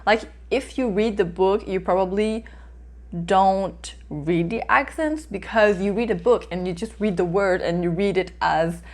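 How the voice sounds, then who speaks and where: Chatty woman reviewing a book. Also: medium pitch. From North America. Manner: chatty and hesitant, with frequent small laughs. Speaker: book reviewer, channel host. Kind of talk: casual book review vlog.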